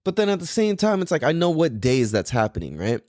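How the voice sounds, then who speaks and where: A man's voice: on the high side, very animated, brisk, darkish tone, dry recording, clean studio sound. A young man hosting a podcast in a casual monologue, full of surfer slang, swearing and "like" and "dude". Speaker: podcast host.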